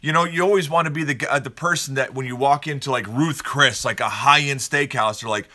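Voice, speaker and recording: A man's voice: mid-range voice, fairly quick, pushed and bright. A man hosting a casual morning podcast, chatting and telling stories in a rambling, upbeat way from a room at home. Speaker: morning show host.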